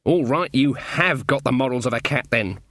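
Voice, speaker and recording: A man voicing a stern, sharp-tongued old female witch with a dry, scolding manner, in a storybook reading. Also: mid-range voice, animated, moderate pace, dry recording, natural voice.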